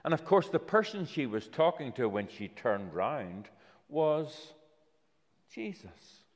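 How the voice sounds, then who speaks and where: A male preacher gives a children's talk sermon, his voice rising and falling in a lively storytelling way. He draws listeners in and invites them up. The sound carries a long reverb from a church hall. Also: medium pitch, slow. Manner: storytelling with props, inviting people up.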